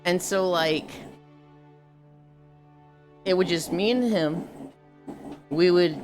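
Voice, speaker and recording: A woman streamer chatting casually and profanely, laughing often, with music playing behind her. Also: sits low. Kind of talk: casual livestream chat.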